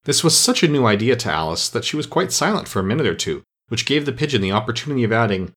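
A man reads a classic storybook aloud, his mid-pitched voice rising and falling with lively expression. The delivery is measured and storytelling in manner. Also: breathy edge. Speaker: narrator. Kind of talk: storybook reading.

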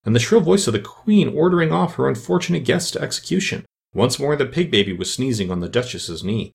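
Male audiobook narrator, animated and expressive. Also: medium pitch, vocal fry. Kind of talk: storybook narration.

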